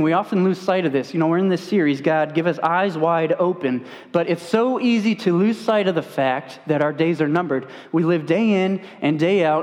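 A man's voice: on the high side, a little mellow. Earnest male pastor in reverberant sanctuary. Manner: earnest, conversational preaching. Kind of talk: sermon. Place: church sanctuary stage. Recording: long church hall reverb.

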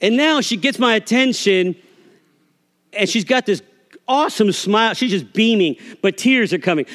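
A man's voice: sits high, big-room sound. A man preaching a sermon as a pastor, telling a folksy story and acting out the voices of the people in it. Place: church sanctuary.

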